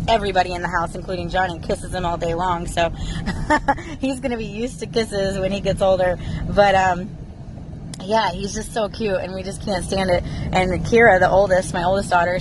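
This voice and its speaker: Woman in her 30s rambling to her viewers, kinda emotional, sighs a lot, car noise behind her. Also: mid-range voice. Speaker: vlogger. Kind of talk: casual personal chat to viewers. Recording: clear vehicle noise behind the voice.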